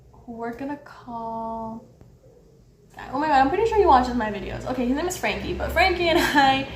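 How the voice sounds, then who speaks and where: High-voiced young woman, swearing and animated. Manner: animated, heavy swearing, swings loud when heated. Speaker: vlogger. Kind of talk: storytime vlog. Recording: roomy echo with faint background noise.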